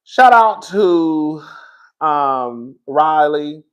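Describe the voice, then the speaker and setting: Guy with a kinda high voice ranting to his viewers, swears a lot, keeps restarting and going off track. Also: animated, extremely slow, a bit bright, clear, resonant tone. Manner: candid and profane, talks straight to viewers; rambling, with frequent restarts and asides. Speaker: reality TV commentator. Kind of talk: casual commentary vlog.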